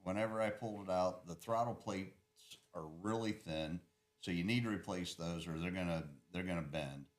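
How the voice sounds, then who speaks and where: A middle-aged man, an engine builder, chatting loudly on a podcast and laughing often as he rambles about his work. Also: low-pitched, normal speed. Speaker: engine builder and shop owner. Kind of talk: casual podcast chat.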